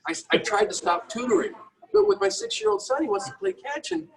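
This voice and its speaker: A middle-aged man, a business owner, telling a candid, self-deprecating story with many halting restarts. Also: very high-pitched, huge pitch swings, gravelly, far from the mic, rough recording. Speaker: guest entrepreneur.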